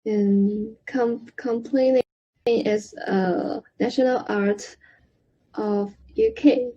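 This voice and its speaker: A woman learning a language, talking haltingly with many restarts and fillers over a video call. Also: medium pitch, warm tone, muffled recording. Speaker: language student. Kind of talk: halting spoken practice.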